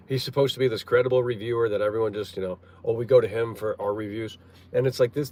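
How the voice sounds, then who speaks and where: A man's voice: mid-range voice, a little mellow. A man streaming live from his parked car, chatting in a rambling, blunt and profane way with lots of fillers. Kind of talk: casual live-stream chat. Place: parked car in a parking lot.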